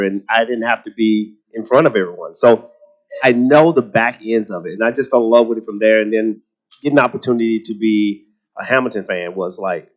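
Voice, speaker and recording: A man from Texas with a Southern accent, a guest on a luncheon panel, telling animated stories and often restarting his sentences. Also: lowish voice, dull audio. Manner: animated storytelling, repeats words when starting sentences. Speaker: guest speaker.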